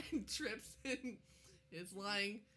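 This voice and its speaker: Slow, bright-voiced woman game master. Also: medium pitch, sing-song, slightly rough. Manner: giggly, laughs often. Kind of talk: narrating a tabletop game.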